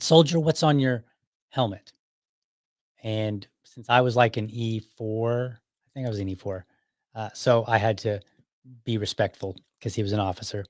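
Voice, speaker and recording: With a fairly low-pitched voice and no echo on the recording, a middle-aged podcast host tells a story on his own show. His delivery is loose and conversational, broken up by frequent chuckles.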